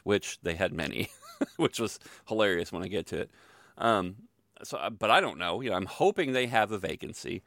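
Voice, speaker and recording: A middle-aged man tells a long personal story in a loose, self-deprecating ramble, stopping for asides and fillers. His voice sits fairly low with a gravelly edge. The recording is dry and close, with no room sound. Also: fairly quick, a bit bright, dry recording. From Louisville, Kentucky area. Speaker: podcast host telling a personal story. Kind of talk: casual storytelling monologue.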